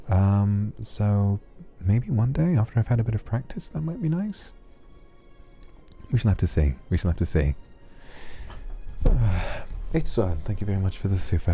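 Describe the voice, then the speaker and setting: In a soft late-night ASMR stream, a low-voiced man gently reads viewers' messages aloud and answers them affectionately.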